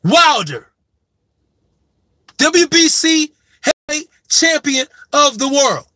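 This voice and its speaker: High-pitched man lecturing, slow and cursing. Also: sing-song, bright, forceful tone, no echo. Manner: profane, emphatic, lecturing; repeats his main point with heavy stress. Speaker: sports commentator. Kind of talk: opinion monologue on boxing.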